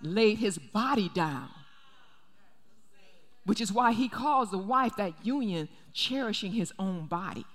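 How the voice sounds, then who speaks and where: A woman's voice: mid-range voice, lively intonation, unhurried, fairly bright tone, in a large hall. A woman pastor preaching a sermon, emphatic and repeating her key phrases. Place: church sanctuary.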